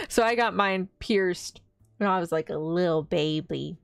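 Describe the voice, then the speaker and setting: A woman's voice: on the low side, animated, a little slow, gravelly, pauses often, dry recording, studio quality. A young adult woman streaming as a VTuber, chatting casually in a bubbly, rambling way, giggling and answering chat.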